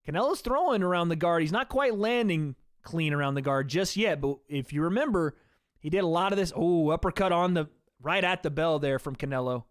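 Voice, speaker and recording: Smooth-voiced man doing casual fight commentary. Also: a little high, brisk, dry recording, clean studio sound. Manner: chatty, addresses viewers as guys. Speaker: livestream host.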